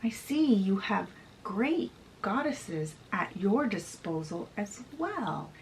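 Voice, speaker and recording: A woman's voice: medium pitch, big pitch swings, takes it slowly, slight background noise, poor audio. A woman voicing a mocking male sea deity who captains a ghost ship, in a casual taunting way.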